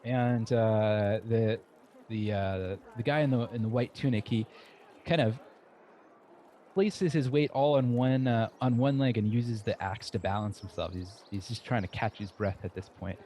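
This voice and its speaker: Low-voiced man running a tabletop game. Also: mellow, a little hiss or hum. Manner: halting, lots of "uh" and restarts while describing scenes. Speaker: game master.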